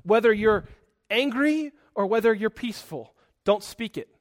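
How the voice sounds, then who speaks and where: A man preaching a sermon, animated and quick to act out angry outbursts, with self-correcting asides. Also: high-pitched.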